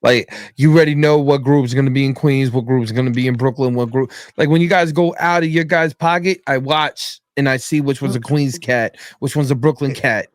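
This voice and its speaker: A man's voice: medium pitch, fairly even intonation, a little fast, hardly any pauses, no room sound. A man hosting a casual chat, joking around with slang and laughing between lines. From New York.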